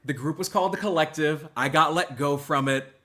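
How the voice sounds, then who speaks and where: A man hosting a livestream, mock-emotional, jumping between loud outbursts and hushed mumbling. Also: a little high, brisk. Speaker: host. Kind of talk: livestream commentary.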